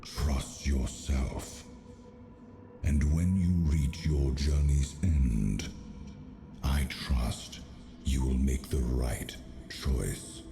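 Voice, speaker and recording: An actor playing an ancient, solemn male spirit who speaks slowly, gravely and formally, in a video game. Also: very deep voice, full character voice. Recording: game voice over loud music. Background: game music.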